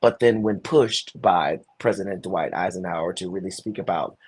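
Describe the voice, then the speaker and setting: A man, a Broadway performer, telling animated stories in an interview, with many restarts. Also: low voice, normal speed, slightly rough. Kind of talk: conversational interview.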